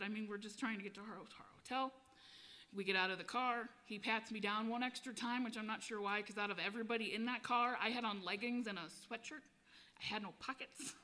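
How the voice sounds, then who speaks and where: A woman singer-songwriter telling a loose, profane road story between songs, with frequent laughs and quick asides. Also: a little high, bright, forceful tone.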